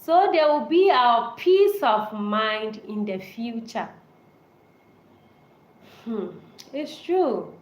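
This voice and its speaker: A woman's voice: on the high side, highs cut off. A woman hosting a casual live-stream chat, speaking earnestly and restating short phrases over and over. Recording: echoey room with faint background noise.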